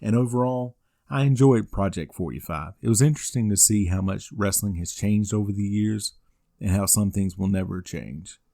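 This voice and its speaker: A man in his forties, a wrestling podcast host, narrating a scripted recap in steady play-by-play with dry asides. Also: lowish voice, normal speed, vocal fry. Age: 40s.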